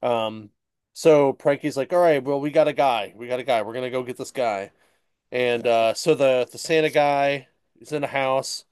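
A man chats loosely about a comic, circling back and jumping into little voiced asides as he retells it. His voice is smooth and clear, recorded close and dry with no room sound. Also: mid-range voice, darkish tone, dry recording. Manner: rambling, retells stories with quick voiced asides. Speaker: comic book podcast host. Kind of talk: casual chat.

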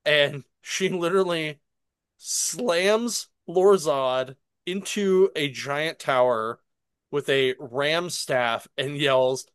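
A man's voice: fairly high pitch, slow, fairly bright tone, smooth, dry recording, studio quality. A man casually recapping and reviewing a comic book on a podcast, rambling with fillers and laughing often.

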